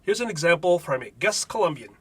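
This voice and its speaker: A man's voice: on the high side, lively intonation, fast, a bit bright, slightly rough. A man, a native Spanish speaker, hosting a comedic language lesson with wry, jokey asides. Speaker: host.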